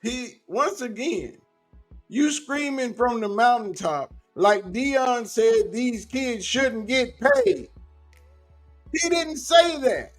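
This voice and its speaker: A man's voice: very high-pitched, expressive, slow, faint music behind. A man hosting a reaction commentary video, pressing again and again with incredulous rhetorical questions.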